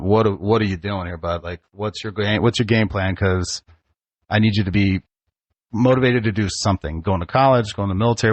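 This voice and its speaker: A man in his forties with a fairly low voice, chatting on his podcast. He tells long family stories in an easy, chatty way and laughs along. The sound is dry and close to the mic. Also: no room sound. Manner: chatty storyteller, laughs often. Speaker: podcast host, father. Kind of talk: casual family chat.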